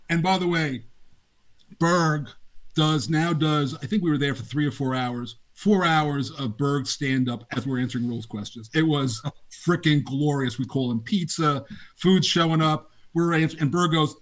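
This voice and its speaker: Speaking briskly in a fairly high voice, an older male game designer trades animated, laughing anecdotes during a casual interview. He acts out quotes as he goes.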